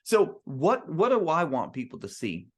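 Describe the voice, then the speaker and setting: A man's voice: fairly high pitch, huge pitch swings, measured pace. A man who is a composer, giving an earnest, emphatic talk to musicians at a band clinic and restarting his sentences often.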